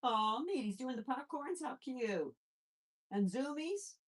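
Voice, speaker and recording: A woman with a high, husky and very animated voice speaks slowly while hosting a casual live chat. She fosters rabbits and handles her pets between viewer replies, cooing to them in baby talk.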